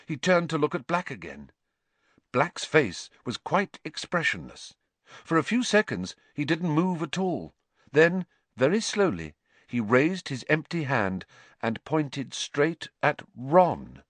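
A man reading an audiobook story with slow, expressive narration. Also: a little high, no room sound.

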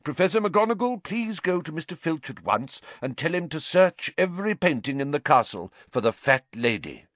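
A man voicing a calm old wizard headmaster who speaks quietly and with measured authority in a storybook reading. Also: on the high side, no room sound, voice pushed up.

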